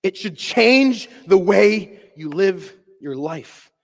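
A high-pitched male pastor preaching a sermon, his voice ringing out with a long reverb tail like a big church hall. He drives key phrases hard, then drops to a near-whisper to land a point. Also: animated, slow pace, vocal fry. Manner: dramatic swings from loud emphasis to hushed near-whispers.

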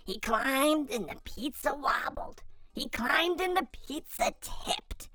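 A woman reading a children's picture book aloud in a hushed, half-whispered voice. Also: sits high, lively intonation, slow, dry recording. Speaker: storyteller.

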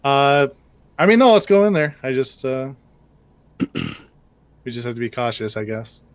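A man's voice: medium pitch, sing-song, measured pace, dry recording. A man playing in a tabletop game, speaking hesitantly and stumbling over his words. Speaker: player. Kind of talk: casual tabletop play.

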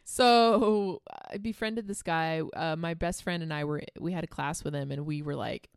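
A woman's voice: sits low, steady tone, moderate pace, clean tone, no echo, studio quality. A woman co-hosting a casual chat, giggly and chatty, often acting out what others said. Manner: giggly, chatty, acts out quoted voices. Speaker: podcast co-host.

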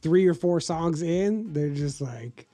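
A man's voice: fairly high pitch, lively intonation, slow, warm tone, faint music behind. A man in casual chat with friends, joking, swearing and trailing off mid-thought.

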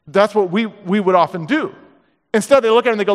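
A middle-aged man preaching a sermon in a church, telling stories in a comic, animated way and acting out the voices. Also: sits high, fast, long reverb tail. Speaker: guest preacher. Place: church sanctuary.

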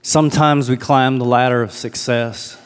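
A man voicing a folksy middle-aged Texan teacher who speaks in a slow country drawl, heard with long hall reverb. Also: mid-range voice, fairly even intonation, clear, resonant tone, lightly acted. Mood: earnest.

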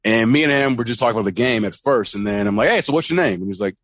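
Racing along in a medium-pitched voice with no room sound, this man co-hosts a podcast and spins an animated story in casual chat. He acts out the quotes, giving voices to the people in it.

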